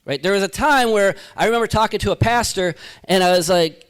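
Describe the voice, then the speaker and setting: A man giving a live keynote to an audience as a motivational speaker, energetic and rhetorical, tagging his points with "right?". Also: high voice, brisk, clear, resonant tone. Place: event hall.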